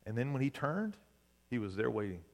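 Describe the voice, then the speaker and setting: A man's voice: mid-range voice, sing-song, brisk, long reverb tail. A male pastor preaching a sermon in a conversational way, often asking the congregation "right?".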